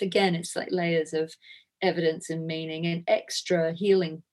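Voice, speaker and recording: A chatty woman talks as a podcast guest in a slightly low voice. She rambles warmly from one point to the next. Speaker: guest author. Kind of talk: casual interview chat.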